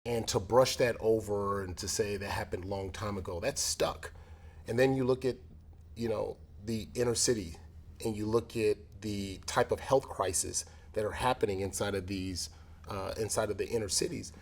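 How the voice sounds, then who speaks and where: A man's voice: fairly low pitch, steady tone, moderate pace. A man from South Central Los Angeles in a candid conversation, telling a personal story in an earnest, reflective way and often restarting his sentences. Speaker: former pro athlete in conversation.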